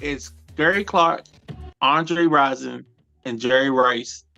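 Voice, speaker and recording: A man's voice: medium pitch, slow, creaky, loud music behind the voice, low-quality recording. A man co-hosting a sports talk show, arguing heatedly and cutting in with "hold on.". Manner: interrupts, repeats "hold on".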